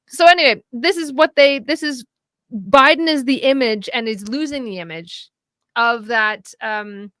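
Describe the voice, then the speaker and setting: Animated, high-voiced woman discussing politics. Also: measured pace, no room sound, studio quality. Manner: animated, laughing often, many restarts and fillers. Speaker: podcast guest.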